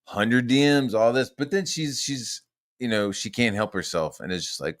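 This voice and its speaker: A man's voice: mid-range voice, normal speed, no echo, studio quality. A man hosting a podcast, telling a heated, rambling story full of profanity and fillers. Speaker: podcast host. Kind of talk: casual storytelling rant.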